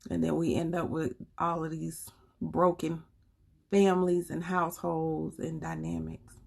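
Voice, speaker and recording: A woman's voice: low-pitched, level tone, a little slow, gravelly, a little mellow, slightly rough. A woman with a Southern US accent hosting a live stream, talking with viewers in an earnest, preachy and colloquial way. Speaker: livestream host. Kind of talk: casual live chat with viewers.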